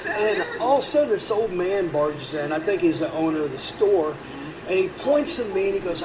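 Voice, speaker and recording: A middle-aged man rambles through a crude story with plenty of swearing, his voice sitting a little high. He sounds set back from the mic, with steady noise underneath. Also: a little fast. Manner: rambling, profane, animated when quoting. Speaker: podcast host. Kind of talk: casual storytelling. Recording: distant mic with background noise.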